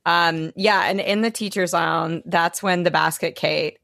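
A woman's voice: lowish voice, fairly even intonation, slow, vocal fry, a bit bright, dry recording, studio quality. A young woman co-hosting a podcast, gushing in casual chat and filling her talk with likes and ums. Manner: gushing, filler-heavy with lots of likes and ums. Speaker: podcast co-host.

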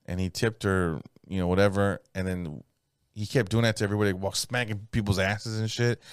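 A man's voice: on the low side, steady tone, fairly quick, clean tone, no room sound, clean studio sound. A young man, co-hosting a podcast and telling rambling, crude anecdotes with acted-out voices. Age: young adult. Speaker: podcast co-host, comedian. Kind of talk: casual chat, storytelling.

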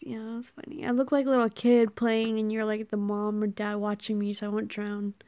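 A young woman co-hosting a podcast in casual chat, teasing her partner in a deadpan way. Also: mid-range voice, brisk, muffled recording. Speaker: podcast co-host.

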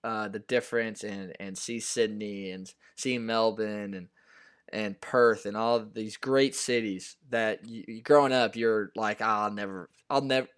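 Young man, smooth voice, halting casual talk. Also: fairly low pitch, steady tone. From US Pacific Northwest. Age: young adult. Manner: halting, full of fillers and restarts. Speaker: baseball player guest. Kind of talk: casual interview.

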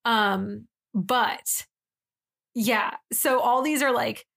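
A woman's voice: a little high, very slow, creaky, fairly bright tone. A young woman co-hosting a podcast, telling a funny story in casual chat, acting out quotes and swearing now and then. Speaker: podcast co-host.

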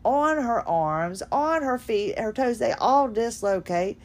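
A woman hosting a podcast in a fast-talking, folksy, animated monologue. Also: on the high side. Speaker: podcast host. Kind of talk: casual monologue.

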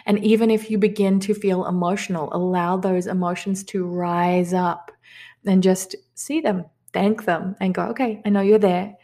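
A woman who teaches manifestation, leading listeners through affirmations and repeating them slowly and calmly. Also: medium pitch. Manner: calm, slow repeated affirmations. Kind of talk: guided affirmation lesson.

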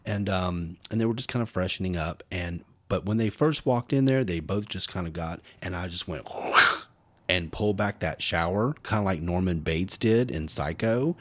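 A man, co-hosting a podcast and telling animated stories, acting out voices as he goes. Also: low voice, normal speed, dry recording. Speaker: podcast co-host. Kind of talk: casual storytelling chat.

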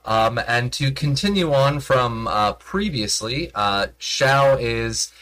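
A man's voice: medium pitch, animated, takes it slowly, a bit bright, rough recording. Rambling man running a tabletop game. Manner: rambling, with many fillers and restarts. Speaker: game master. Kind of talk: casual stream chat as game master.

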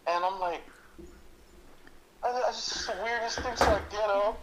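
A man's voice: sits high, moderate pace. A man in casual podcast chat, telling an embarrassing story, swearing freely and laughing a lot. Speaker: podcast guest. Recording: noisy podcast recording.

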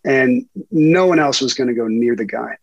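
A middle-aged man, a sports reporter being interviewed, telling animated stories with frequent laughs and fillers. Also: medium pitch, normal speed, creaky, no echo, muffled recording. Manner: animated storyteller, laughs often, many fillers. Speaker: investigative sports reporter, guest. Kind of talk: casual interview storytelling.

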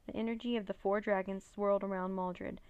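A woman narrating a children's chapter book in a steady, plain reading voice on a close mic. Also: mid-range voice, a little fast, clear, resonant tone, highs cut off. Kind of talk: storybook read-aloud.

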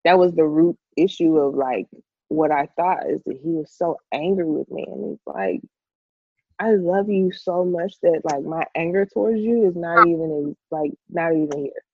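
A woman's voice: low voice, moderate pace, husky, dry recording. Woman chatting about faith on a podcast, emphatic, kinda muffled and dry. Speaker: podcast co-host. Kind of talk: casual faith talk.

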